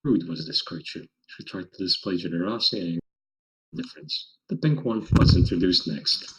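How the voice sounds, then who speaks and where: A man reading fan fiction aloud with friends, halting and stumbling over words now and then. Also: deep voice, very animated, rough recording. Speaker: reader.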